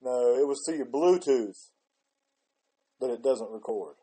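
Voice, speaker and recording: A man's voice: medium pitch, animated, unhurried, warm tone, husky. A man co-hosting a podcast as a casual phone call, talking on speakerphone and repeating himself while half-distracted. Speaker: podcast co-host.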